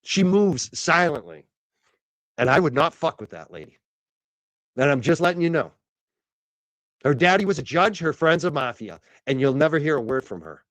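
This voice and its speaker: A man's voice: on the high side, sing-song, moderate pace, long pauses, fairly bright tone, no room sound. A man in a casual online video, issuing ominous, matter-of-fact warnings.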